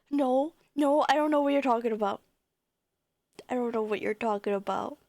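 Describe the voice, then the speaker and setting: A young woman streaming live, chatting casually with her viewers in a bubbly, giggly way, often squealing with excitement. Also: high-pitched, normal speed, no room sound.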